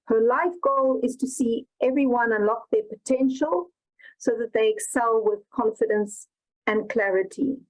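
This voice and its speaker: A woman with a fairly high voice moderates an online summit. She reads a formal introduction and asks her question in a measured, deliberate way. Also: low-quality recording. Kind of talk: reading an introduction and asking a question.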